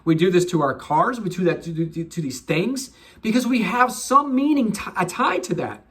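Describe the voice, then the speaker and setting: A man's voice: high-pitched, expressive, normal speed, a bit bright. A middle-aged man giving a casual spiritual self-help talk, swearing freely and slipping into mocking voices.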